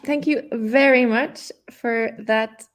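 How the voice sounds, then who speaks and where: A woman hosts a live online English lesson, explaining and repeating each word patiently. Her voice sits a little high. She speaks at an unhurried, deliberate pace. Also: fairly even intonation. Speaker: English teacher hosting a live session.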